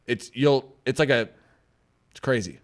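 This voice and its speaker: A middle-aged man co-hosting a casual chat show, telling family stories in an animated way, acting out quotes and swearing freely. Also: mid-range voice, a little slow. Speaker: co-host.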